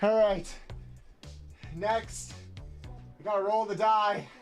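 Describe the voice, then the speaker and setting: A woman streaming from home, chatting casually with her audience and breaking into loud, mock-outraged yelling. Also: medium pitch, level tone, takes it slowly, faint music behind. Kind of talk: casual live-stream chat with chat.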